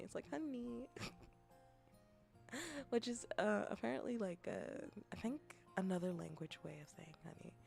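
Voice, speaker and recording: A young woman streaming a casual chat as a VTuber and ASMR creator, rambling with restarts and often dropping into soft whispers. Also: fairly low pitch, gravelly.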